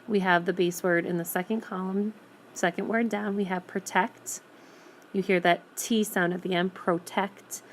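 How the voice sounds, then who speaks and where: A woman teacher giving a recorded phonics lesson on a tablet screencast, patiently and clearly sounding out each word. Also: fairly low pitch, fairly even intonation, moderate pace, a little hiss or hum. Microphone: tablet screencast microphone.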